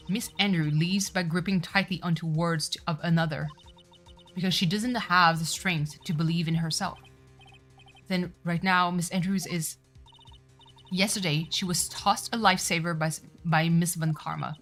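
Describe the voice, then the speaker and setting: A woman's voice: lowish voice, fairly even intonation, moderate pace, a bit bright. A woman streamer reading a courtroom game's script aloud, doing every character in turn and dropping swearing asides of her own. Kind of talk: voicing a game's script, reading all parts. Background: faint music.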